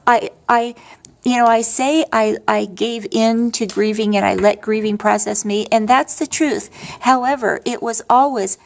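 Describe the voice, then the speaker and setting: A woman's voice: on the high side, fairly even intonation, normal speed, creaky. A middle-aged woman talking candidly and a bit wearily about grief, rambling with many restarts and wry asides. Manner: candid and upfront, with wry humor. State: tired. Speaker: vlogger sharing her grief story. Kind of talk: casual personal monologue.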